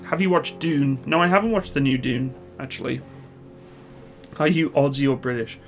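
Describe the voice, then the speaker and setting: A Canadian man, likely in his thirties, hosting a live stream, reading viewer questions and answering in a relaxed, rambling way with many pauses. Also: medium pitch, soft background music. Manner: relaxed, chatty, hesitant with many uhs.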